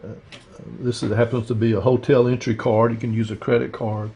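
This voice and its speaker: A man teaching a watercolor painting demo, talking through his steps in a relaxed, rambling way with lots of fillers. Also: medium pitch, a little fast, muffled recording, a little hiss or hum. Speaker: art instructor. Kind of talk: casual painting demonstration.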